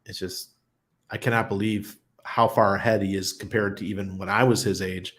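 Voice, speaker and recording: Low-voiced middle-aged man chatting. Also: fairly even intonation, moderate pace, fairly bright tone, slightly rough. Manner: chatty, storytelling, laughs easily. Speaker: host of a crypto channel. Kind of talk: casual livestream chat.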